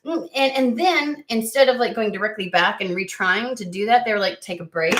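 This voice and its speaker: An American woman talks loosely to her viewers, trailing off and restarting her sentences over and over. Her voice sits at an ordinary middle pitch, and the room around her rings with a noticeable echo. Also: noisy background. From United States. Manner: rambling, halting, many fillers and restarts. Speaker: tarot reader. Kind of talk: casual chat to camera. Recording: echoey room.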